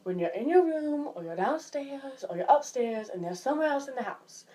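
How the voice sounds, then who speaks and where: Chatty teen girl venting, mellow tone. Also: high-pitched, normal speed. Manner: chatty and exasperated, acts out everyday scenes in animated voices. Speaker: vlogger. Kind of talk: casual vlog rant. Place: her home, indoors.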